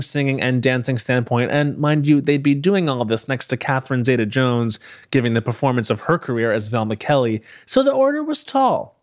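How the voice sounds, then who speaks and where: A man's voice: mid-range voice, dry recording, clean studio sound. A man hosting a podcast, reading a scripted introduction in a playful, gossipy way with jokey asides. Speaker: podcast host.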